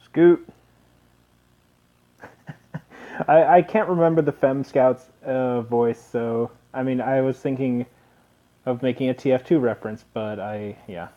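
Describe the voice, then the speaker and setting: A man's voice: mid-range voice, measured pace. A man casually commenting on gameplay, rambling with hesitations. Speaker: let's play host. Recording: dull lo-fi recording.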